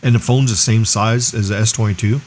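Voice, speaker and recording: Energetic man hosting a tech livestream. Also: fairly low pitch, a little fast, a little hiss or hum. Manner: energetic, explaining, asks rhetorical questions. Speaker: livestream host. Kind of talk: casual tech livestream talk.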